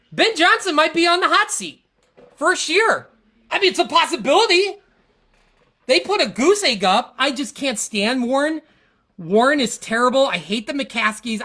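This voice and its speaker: Her voice is high, bright and forceful. Hosting a podcast, she vents in a loose, frustrated way about her football team, wandering off track and stumbling over restarts.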